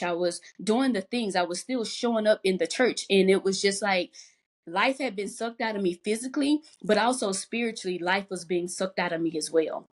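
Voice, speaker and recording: A young adult woman, a podcast guest, openly telling a raw personal story with reflective pauses. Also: medium pitch. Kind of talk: personal testimony in a podcast conversation.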